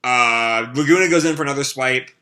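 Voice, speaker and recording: A man's voice: mid-range voice, fairly quick, sharp tone. A man casually reading and commenting on a comic, chatty and loose, with many fillers. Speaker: reaction video host.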